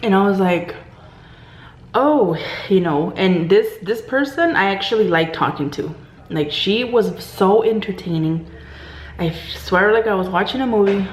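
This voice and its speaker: A woman's voice: mid-range voice, animated, moderate pace. A woman vlogger telling a story while eating, chatty and full of filler words. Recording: roomy room, faint background hum.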